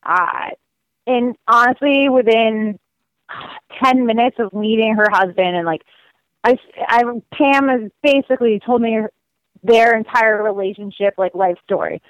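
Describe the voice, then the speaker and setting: A woman guest telling stories in a casual, lively way, full of "like" and acted quotes. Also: fairly high pitch, a little slow, no room sound, lo-fi sound. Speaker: guest describing her cross-country walk. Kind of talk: casual storytelling.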